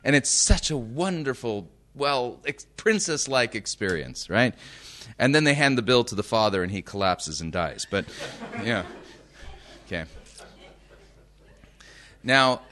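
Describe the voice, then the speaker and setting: Emphatic, animated male preacher. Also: mid-range voice, slight background noise. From United States. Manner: emphatic, reads scripture slowly and checks in with the crowd. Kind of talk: sermon.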